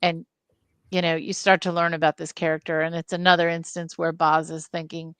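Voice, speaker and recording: A woman's voice: lowish voice, flat delivery, brisk, a bit bright, clean tone, no echo. A woman co-hosting a film podcast, talking earnestly and with empathy about a character. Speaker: podcast co-host. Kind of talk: casual film review chat.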